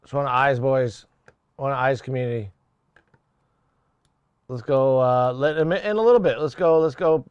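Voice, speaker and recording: A man's voice: mid-range voice, unhurried, pauses often, clean tone, no echo, dull audio. A young man casually chatting on a live music-production stream, rambling, swearing and laughing at his own jokes. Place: home studio.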